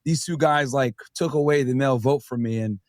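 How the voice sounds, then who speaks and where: A man's voice: medium pitch, brisk, very noisy. A man casually telling a story as a podcast guest. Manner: casual, storytelling, laid-back.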